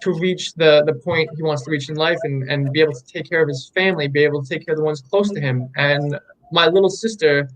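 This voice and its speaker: A man's voice: on the high side, fairly even intonation, fast talker, poor audio. A young man, an artist being interviewed, telling a story in an enthusiastic, rambling way with many fillers. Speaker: artist guest. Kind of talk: candid interview chat.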